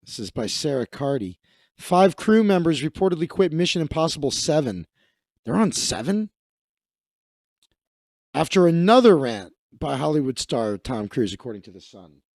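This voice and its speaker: A man's voice: fairly high pitch, sing-song, normal speed, darkish tone, no room sound, clean studio sound. A man hosting a comedic live stream, reading news aloud with sarcastic, profane asides. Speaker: host.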